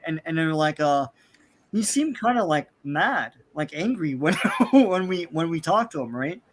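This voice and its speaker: A man talks through an old comic story in a loose, rambling way, stopping for "um" and "like" as he goes. His voice sits a little high for a man. Now and then he slips into the characters' lines for a quick bit of acting. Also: lively intonation. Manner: rambling, many fillers, acts out characters' lines. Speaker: podcast host. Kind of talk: casual comic book recap chat.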